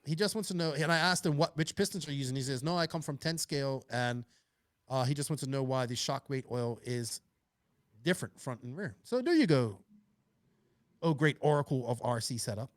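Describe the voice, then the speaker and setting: A man's voice: mid-range voice, brisk, dry recording. A man hosting a casual podcast, upbeat and chatty as he reads out listener questions. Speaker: podcast host.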